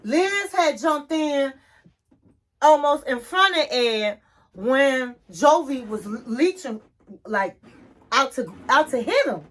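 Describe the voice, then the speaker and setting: A woman giving a gossipy, animated recap of a reality TV episode. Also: sits high, slow. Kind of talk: casual recap commentary.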